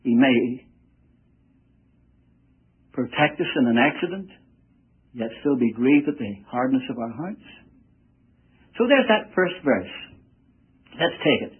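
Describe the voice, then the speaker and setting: Male preacher, emphatic and animated, husky voice, tinny radio sermon. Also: medium pitch, a little slow, long pauses. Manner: emphatic, punches key words, illustrates with family stories. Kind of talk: sermon with audience questions.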